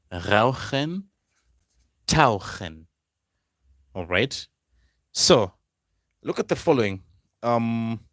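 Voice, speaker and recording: A man teaching German vocabulary, repeating each word slowly and asking his viewers questions. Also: fairly low pitch, fairly bright tone, no echo, studio quality. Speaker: German language tutor.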